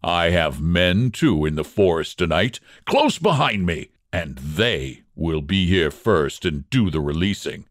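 A man reading aloud and voicing a trapped poacher who taunts his enemy with savage, high-pitched shouts. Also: sing-song, normal speed, vocal fry, few pauses, no room sound, clean studio sound, heavily acted. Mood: menacing.

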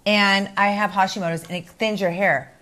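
A woman's voice: mid-range voice, steady tone, moderate pace, sharp tone. A woman co-hosting a podcast, talking in a chatty, emphatic, gossipy way. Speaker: co-host. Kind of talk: casual podcast chat.

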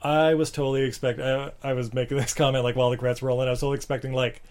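A man's voice: medium pitch, level tone, racing, a little mellow. A man co-hosting a casual movie podcast, laid-back, swearing casually and laughing often. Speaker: podcast co-host. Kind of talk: casual movie review chat.

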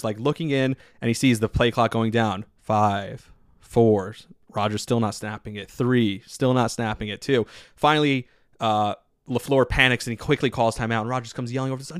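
A man hosting a solo sports podcast, talking in an excitable, rambling way with lots of filler words. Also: medium pitch, smooth, no room sound, clean studio sound. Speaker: podcast host.

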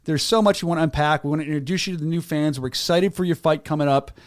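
A man with a Philadelphia area accent hosting a casual combat sports chat, enthusiastic and full of restarts. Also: a little high. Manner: fast, enthusiastic, lots of restarts. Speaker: show host. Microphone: studio mic.

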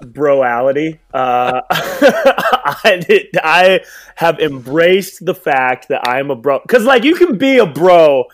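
On a casual rewatch podcast, a young male co-host talks slowly in a sing-song voice on the high side. His storytelling is animated, and he laughs a lot.

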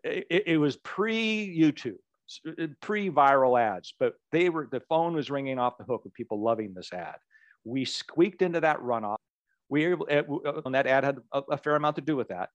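A man, a political ad maker, telling a lively campaign anecdote as an interview guest, often repeating words as he goes. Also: medium pitch, moderate pace, no echo, highs cut off. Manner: animated storyteller who repeats words as he goes.

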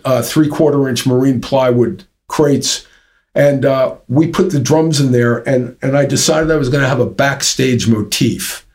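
A man's voice: medium pitch, darkish tone. Chatty man spinning a long anecdote. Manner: rambling anecdote with lots of fillers and restarts. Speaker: interview guest, drum company founder. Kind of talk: casual storytelling.

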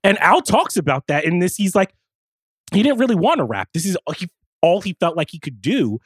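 Animated man analyzing on a dry podcast mic. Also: sits high, fairly quick, breathy edge, no room sound. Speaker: podcast co-host and music reporter.

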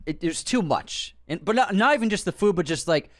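A man co-hosting a casual podcast chat about a TV series. His voice sits fairly high and swings widely in pitch, and he stammers through restarts. The recording is dry and close. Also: a little fast, no echo. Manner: lively, stammering restarts, swears. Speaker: podcast co-host.

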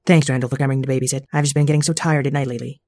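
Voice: mid-range voice, steady tone, darkish tone, no echo, natural voice. A performer voicing a weary but doting mother who brushes off her kids' worries. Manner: fond, brisk, dismissive. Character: tired, doting mother in denial.

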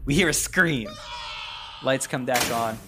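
A man co-hosting a podcast, telling a comic story in an animated way and laughing as he goes. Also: medium pitch, measured pace. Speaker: podcast co-host. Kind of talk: comedic storytelling. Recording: music playing behind.

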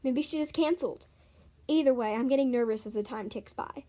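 A woman reading her own made-up story aloud, earnest and expressive, with small stumbles. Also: high voice, a little fast.

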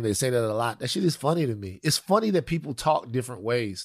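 A man's voice: mid-range voice, expressive, a little fast, few pauses, dry recording. A man co-hosting a podcast in casual chat, rambling and joking, repeating phrases for laughs. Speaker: podcast co-host.

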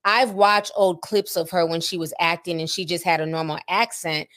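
A woman's voice: fairly low pitch, fairly even intonation, a bit bright. A woman co-hosting a podcast, chatting casually with many fillers and reading a sponsor spot. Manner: chatty, drawn-out filler-heavy talk. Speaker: podcast co-host.

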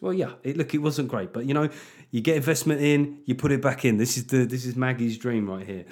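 A man talks through his podcast in a loose comic monologue. He swears freely and rambles from one thought to the next. His pitch sits in the middle of the range. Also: a little fast, a little mellow. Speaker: podcast host.

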